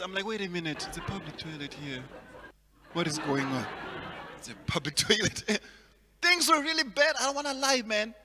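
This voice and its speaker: A man from Zimbabwe performing a stand-up comedy set, telling stories and acting out the people in them with big jumps in loudness. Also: sits high. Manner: animated storytelling, acts out characters with big swings in loudness. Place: large hall at a virtual event. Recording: long hall reverb.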